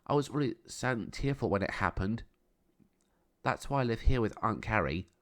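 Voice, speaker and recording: A man's voice: fairly low pitch, animated, moderate pace, natural voice. A man voicing a friendly, caring young man in a storybook reading, in an easygoing, everyday voice. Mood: gentle.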